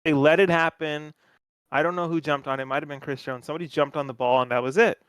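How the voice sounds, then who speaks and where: Young male podcast host, higher voice, dry close sound, profane and animated storyteller. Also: fast, clear, resonant tone, dry recording. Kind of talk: casual sports chat.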